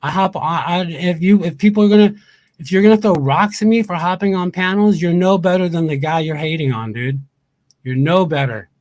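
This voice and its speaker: A man's voice: high-pitched, brisk, a little mellow, no room sound. A man ranting on a livestream, angry and profane, repeating his points over and over. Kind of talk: heated livestream rant.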